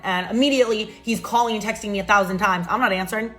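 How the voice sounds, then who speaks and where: A woman's voice: medium pitch, fast, few pauses, fairly bright tone, soft background music. Sarcastic woman telling a storytime. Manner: sarcastic, dramatic. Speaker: storytime narrator. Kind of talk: storytime narration for social video.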